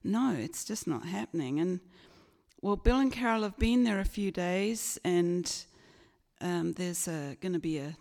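A woman in her sixties from Australia tells a personal story at an unhurried pace, her voice slightly gravelly. She talks in a chatty, self-mocking way, with lots of fillers. Her voice rings out with a long reverb, as if in a hall. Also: lowish voice, expressive, darkish tone.

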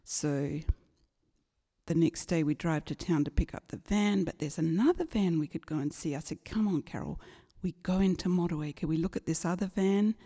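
A woman's voice: lowish voice, moderate pace. New woman telling a funny story. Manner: lively, animated, acts out the people in her story. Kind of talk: humorous personal storytelling. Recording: long reverberant hall.

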